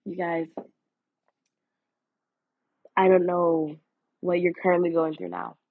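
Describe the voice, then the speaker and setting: A woman's voice: on the low side, little pitch movement, takes it slowly, slight background noise. A woman hosting a podcast, giving an earnest devotional talk in a casual, preachy way full of fillers. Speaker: podcast host. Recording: phone-like, lo-fi audio.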